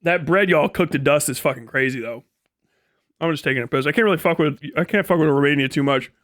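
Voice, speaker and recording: A man in a relaxed livestream chat, cursing freely and breaking into laughs. His voice sits a little high for a man. The sound is dry and close, with little room around it. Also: fast, dry recording. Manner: laid-back, swears a lot, laughs often. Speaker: streamer.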